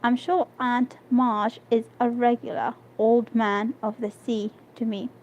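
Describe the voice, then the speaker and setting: A woman reading the lines of a restless tomboyish teenage girl, halting and stumbling over words. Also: on the high side, flat delivery, a little mellow. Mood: wistful. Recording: dull lo-fi stream audio.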